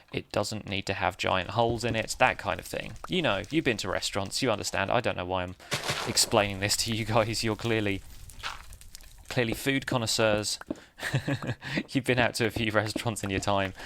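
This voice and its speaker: A man's voice: lowish voice, creaky, a bit bright, slight background noise. A man hosts a casual Minecraft let's play, chatting in a self-deprecating way and laughing often. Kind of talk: casual gameplay commentary.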